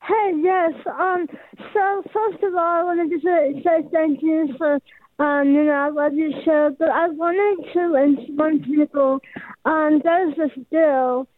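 A woman's voice: high-pitched, steady tone, takes it slowly, dry recording. A woman calling in to a radio show, speaking hesitantly with many fillers. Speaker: caller. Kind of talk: phone call to a radio show. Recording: tinny phone line.

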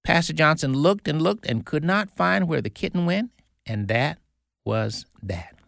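Man, radio host, folksy storyteller, higher voice, dry studio sound. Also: animated, a little slow, creaky, a bit bright, dry recording. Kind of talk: storytelling on a Christian radio show.

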